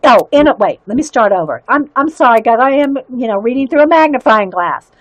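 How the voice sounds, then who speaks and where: A woman's voice: a little high, lively intonation, a little fast, dry recording. A woman hosting a casual livestream, chatting and giggling as she stumbles through reading aloud. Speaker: livestream host showing zines.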